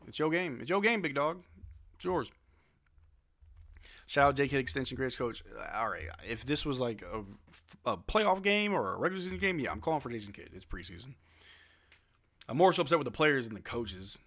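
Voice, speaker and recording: Young male stream host, bright clear voice, loose fan play-by-play, shrugging and resigned. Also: medium pitch, very animated, fairly quick, pauses often. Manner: laid-back, resigned, swears then apologizes. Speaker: live stream watch-along host. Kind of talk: casual fan play-by-play commentary.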